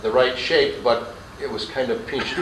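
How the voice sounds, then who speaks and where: Male vocal coach, mid-pitched, patient and hesitant, recorded from afar in an echoey room with faint hiss. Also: measured pace, a bit bright, distant mic. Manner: patient, hesitant, demonstrates sounds. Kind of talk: quartet workshop instruction.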